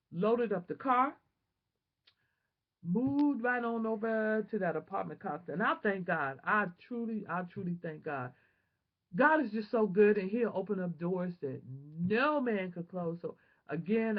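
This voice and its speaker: A woman vlogger telling a personal testimony in an animated, emotional, prayerful way, on a dull lo-fi home recording. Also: medium pitch.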